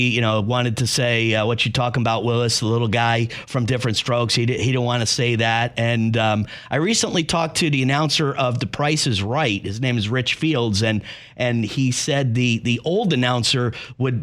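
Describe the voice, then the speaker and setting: A man hosting a podcast, chatting casually with his guest and giving quick agreeing replies. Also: medium pitch, a bit bright. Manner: friendly, quick affirmations, restarts. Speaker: podcast host. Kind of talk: casual interview chat.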